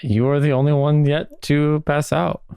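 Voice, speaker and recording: A man narrating a tabletop game as game master in a calm, unhurried way. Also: a little high, creaky, smooth, dry recording, clean studio sound.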